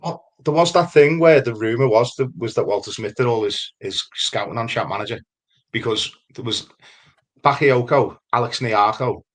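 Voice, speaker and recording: A man on a fan podcast telling a story with enthusiasm, pausing to search for names. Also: medium pitch. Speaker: podcast co-host. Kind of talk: casual chat.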